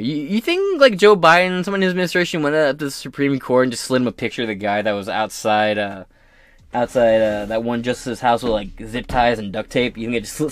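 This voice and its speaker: Constant swearing marks this man's brash, sarcastic political rant as he hosts a podcast. His voice sits at medium pitch, with no room sound in the recording.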